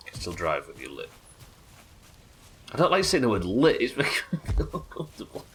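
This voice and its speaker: A man's voice: medium pitch, wildly swooping pitch, a little fast, breathy edge. A British man giving casual, chatty, sweary commentary while he plays and builds in a game. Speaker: game streamer. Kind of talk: casual let's-play commentary.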